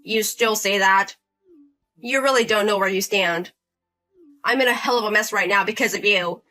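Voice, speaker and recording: A woman's voice: medium pitch, normal speed, bright, forceful tone, faint music behind, natural voice. Woman voicing an arrogant, bossy man in his thirties. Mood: scolding. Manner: bossy, condescending, demanding.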